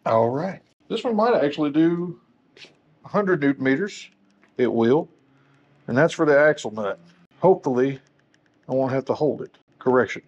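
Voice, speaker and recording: A man's voice: medium pitch, expressive, normal speed, long pauses, darkish tone, husky, dull audio. A man working as a motorcycle technician, talking through a wheel install in a workshop with joking, self-deprecating asides. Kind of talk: casual how-to tutorial.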